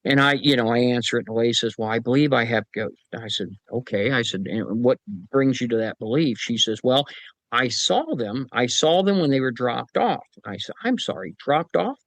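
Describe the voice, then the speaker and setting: A man tells long, folksy anecdotes as a podcast guest, slipping into other people's voices when he quotes them. His voice sits at a middle pitch. The close mic gives a dry sound with no room echo. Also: animated, moderate pace, fairly bright tone. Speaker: paranormal team chief, podcast guest. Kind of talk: casual storytelling interview.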